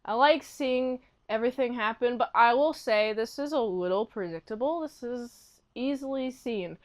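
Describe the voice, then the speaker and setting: A woman with a bright, high-pitched voice recaps an old TV episode in a loose, chatty way. She leans on "like" constantly and acts out little snippets of the characters as she goes. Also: normal speed. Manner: animated retelling, acting out characters' lines; chatty, peppered with "like". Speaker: episode reviewer. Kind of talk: casual episode recap and review.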